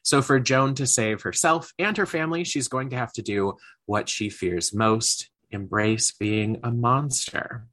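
A man's voice: mid-range voice, animated, moderate pace, few pauses, pushed and bright. A man co-hosting a book podcast, summarizing a novel with casual enthusiasm. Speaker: podcast co-host. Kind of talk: casual chat about books.

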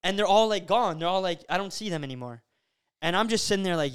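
High, clear-voiced young man telling a story. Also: fast. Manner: animated, filler-heavy storytelling with frequent "bro" and "like". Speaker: podcast host. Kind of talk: casual storytelling chat.

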